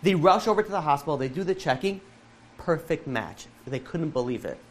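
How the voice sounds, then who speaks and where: A man, a rabbi, telling a moving story to a live audience, acting out the dialogue in quick asides. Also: a little high, lively intonation, slight background noise.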